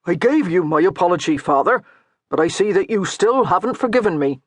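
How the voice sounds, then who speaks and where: A woman's voice: on the low side, animated, brisk, no echo. A woman narrator voicing a harried male steward who talks earnestly and holds his patience. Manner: earnest, restrained, pleading.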